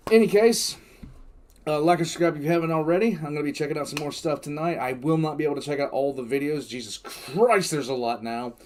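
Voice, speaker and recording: A man's voice: fairly high pitch, steady tone, quick pace, hardly any pauses, darkish tone. A man hosting a reaction video, talking casually to camera with lots of ums and self-deprecating asides.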